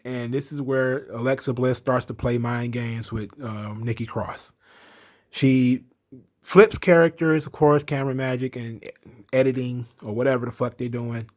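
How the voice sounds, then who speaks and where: A man's voice: mid-range voice, fairly even intonation, a little slow. A man hosting a casual wrestling recap, blunt and profane, ranting with his own opinions. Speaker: wrestling commentary host.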